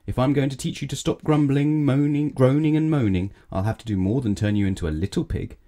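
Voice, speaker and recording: A man's voice: fairly low pitch, fast talker, dark tone. A man voicing a stern male wizard in a storybook reading, lecturing firmly and commanding. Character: stern male wizard who punishes bad manners. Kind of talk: storybook read-aloud.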